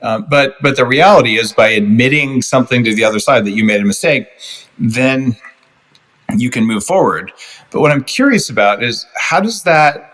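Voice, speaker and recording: A man's voice: mid-range voice, expressive, moderate pace, fairly bright tone. A male podcast host with a mid-range voice. He talks directly and bluntly and steps in firmly to reframe what his guest has said. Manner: direct, blunt, cuts in to correct. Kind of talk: interview conversation.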